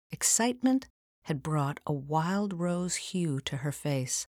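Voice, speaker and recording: A woman narrating a classic novel in a measured, unhurried reading. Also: low-pitched, darkish tone, no echo, studio quality. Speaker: audiobook narrator. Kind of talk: storybook narration.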